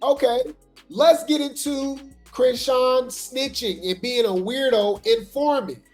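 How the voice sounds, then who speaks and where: A woman's voice: high voice, takes it slowly, a little mellow, faint music behind. A woman hosting a casual gossip commentary livestream, talking straight to her viewers. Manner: chatty, talks straight to the viewers. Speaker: host of a gossip commentary show.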